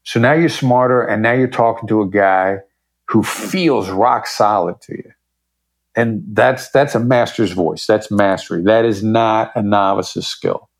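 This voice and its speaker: A man with a fairly low voice speaks in a relaxed, conversational interview. He explains his points with confident emphasis, now and then acting out the phrasing he recommends. He comes across as an expert guest. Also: a little slow. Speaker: podcast guest, negotiation expert.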